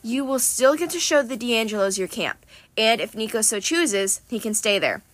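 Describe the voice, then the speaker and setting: Aloof commanding goddess, bright and dry, composed delivery, read by a woman. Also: a little high, animated, normal speed, dry recording.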